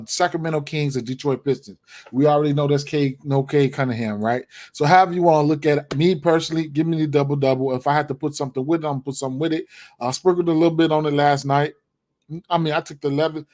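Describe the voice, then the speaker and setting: A man's voice: a little high, a little mellow. A man giving his sports betting picks in casual, rambling talk, full of fillers and repeated words. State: hiccups, clearing throat.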